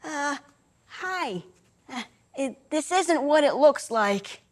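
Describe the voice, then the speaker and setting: A woman's voice: very high-pitched, fairly even intonation, slow pace, a bit bright, a little hiss or hum, voice pushed up, heavily acted. A woman voicing an embarrassed teenage boy who mumbles hesitantly. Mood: sheepish.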